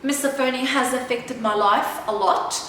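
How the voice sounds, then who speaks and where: Woman vlogging, high voice, chatty and emphatic, keeps saying okay, super echoey room, mic far off. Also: moderate pace, fairly bright tone. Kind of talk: personal storytelling to camera. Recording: very echoey room, voice from afar, faint noise.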